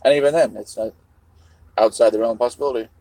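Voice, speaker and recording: A man's voice: mid-range voice, fairly even intonation, fast talker, warm tone, no echo, poor audio. A middle-aged man vlogging in a casual livestream monologue, rambling and musing with a half-joking tone.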